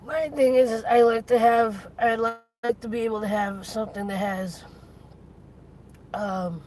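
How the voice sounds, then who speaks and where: A woman's voice: medium pitch, darkish tone, a little hiss or hum, low-quality recording. A tired woman talking casually in a weekly vlog update, rambling and trailing off as she thinks aloud. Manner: slow, rambling, tired and foggy. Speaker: vlogger.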